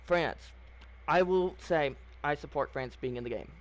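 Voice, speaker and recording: This man, a gaming channel host, talks a little slowly in a fairly high pitch. He gives loose, opinionated commentary on a video game, meandering and frequently restarting or using fillers.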